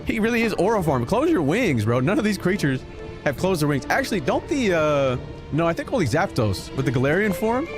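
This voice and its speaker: A man streaming a video game, chatting casually, joking and swearing freely as he plays. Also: a little high. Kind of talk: casual gameplay commentary. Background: game music.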